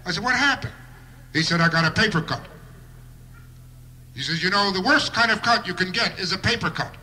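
A man's voice: high-pitched, a little fast, bright, forceful tone. A man doing a live stand-up routine with a wry observational delivery and bursts of mock outrage. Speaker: stand-up comedian.

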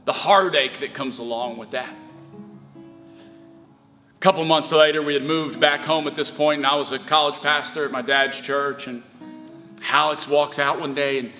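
Speaking at normal speed with fairly even intonation and frequent pauses, a young pastor with a fairly high voice tells a heartfelt personal story in his sermon. The recording carries the reverb of the church hall and gentle background music.

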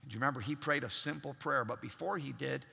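A man's voice: medium pitch, fast, vocal fry, bright, forceful tone, breathy edge. A man preaching a sermon as pastor, emphatic and acting out the voices he quotes. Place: large church. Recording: long reverb in a large church.

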